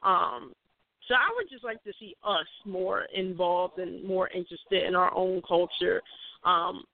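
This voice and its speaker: A woman's voice: lowish voice, unhurried, gravelly. A woman, an educator and co-host, talking in a reflective way with many fillers. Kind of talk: casual chat. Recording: tinny phone-line sound.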